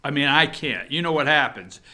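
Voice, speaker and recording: A male host with a bright, forceful voice talks casually to his audience, leaning on asides to keep them with him. His pitch swings widely as he goes. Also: normal speed. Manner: animated, talks straight to viewers with frequent 'okay?' asides. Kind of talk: casual opinion commentary. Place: office.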